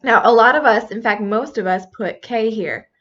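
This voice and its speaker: A woman's voice: on the high side, moderate pace, a bit bright. A woman walks her students through their mistakes in a casual, patient teaching voice. She spells words out letter by letter. The recording sounds slightly muffled. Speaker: Spanish teacher. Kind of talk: recorded classroom feedback lesson.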